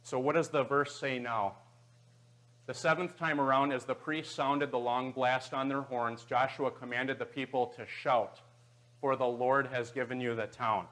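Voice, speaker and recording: A man's voice: mid-range voice, steady tone, moderate pace, a bit bright. A man leading a Bible class in a church auditorium, guiding volunteers and checking in often with "okay" and "right.".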